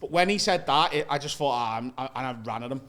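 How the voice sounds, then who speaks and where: A man with a Liverpool accent telling a sweary, animated story in a casual chat. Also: medium pitch, quick pace. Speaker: comedian guest. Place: indoor green room.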